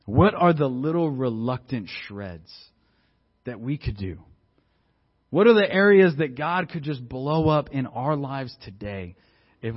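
A man's voice: medium pitch, expressive, unhurried, highs cut off. A man preaching a sermon, telling a story in a conversational way and building to emphatic exhortation. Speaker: pastor.

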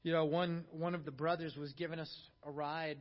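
A man preaching a sermon, telling a story in a hushed low voice, then rising loud for emphasis. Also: little pitch movement, normal speed. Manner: storytelling, drops soft and low for quotes, rises loud for emphasis. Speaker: pastor. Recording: dull lo-fi sermon recording.

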